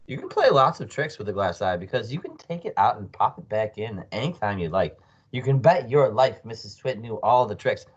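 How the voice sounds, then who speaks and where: A man reading a children's book aloud as storyteller, expressive with small slips. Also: fairly low pitch, fairly quick, breathy edge, lo-fi sound. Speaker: storyteller, read-aloud narrator.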